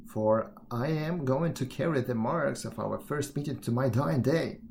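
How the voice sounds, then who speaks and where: A man voicing a big, slow, gullible male bear in a storybook reading, in a gruff, blustering manner. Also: medium pitch, a little mellow, a little hiss or hum. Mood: sorrowful.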